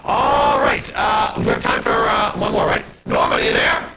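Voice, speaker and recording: A man hosting a live TV call-in show, joking and teasing his callers in quick banter. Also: very high-pitched, sharp tone. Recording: noisy old broadcast tape.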